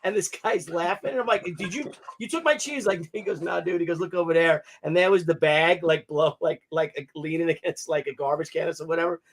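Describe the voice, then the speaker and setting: A man from New York hosting a casual live-stream chat, telling stories in a loose, animated way and swearing now and then. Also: fairly high pitch. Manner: animated storyteller, swears, talks fast and loose. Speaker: host.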